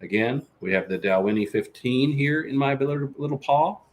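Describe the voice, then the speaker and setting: Speaking at normal speed in an expressive, mid-range voice, this man hosts a laid-back live-stream chat. He reads out what viewers write, responds, and praises himself in the third person, with slight hiss in the background.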